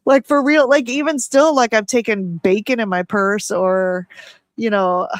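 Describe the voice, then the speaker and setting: A middle-aged woman hosts a relaxed interview and chats in a rambling, storytelling way, laughing often. Her voice sits at an ordinary pitch. It is close and dry, with no room sound. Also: unhurried, no echo. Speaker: host. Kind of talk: casual interview chat.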